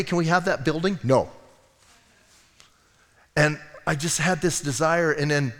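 A male pastor preaching a sermon in a relaxed, conversational way, telling stories with asides and restarts. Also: medium pitch, big-room sound. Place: church sanctuary.

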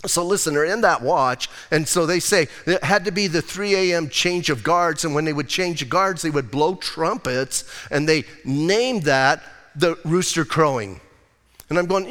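A man preaching a conversational sermon, his fairly high voice swinging widely up and down as he acts out scenes. He sounds like he is in a church sanctuary, with a long echo trailing off the walls. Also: moderate pace. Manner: animated, conversational preaching with slang and acted-out quotes. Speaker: pastor.

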